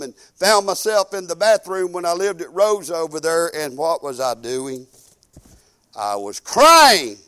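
A man preaching a sermon in a folksy, emphatic way, swinging between loud exhortation and low, quiet asides.

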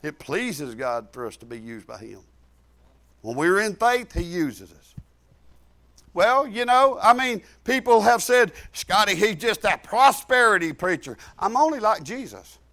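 A pastor delivers his sermon in a very high voice. His folksy talk jumps from loud, shouted lines to quiet asides. The tone is bright and forceful. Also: big pitch swings, measured pace. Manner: folksy, rising to shouts then dropping low.

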